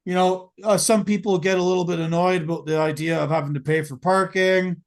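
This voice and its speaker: A man's voice: sits high, fairly even intonation, brisk. A man hosting a podcast, talking casually in long, rambling runs full of fillers and restarts. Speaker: podcast host.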